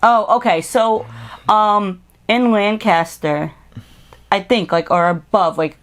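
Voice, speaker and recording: A woman's voice: mid-range voice, takes it slowly. A woman co-hosting a casual podcast, retelling film plots in a chatty, rambling way. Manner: chatty, rambling movie recaps. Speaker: podcast co-host. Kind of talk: casual chat.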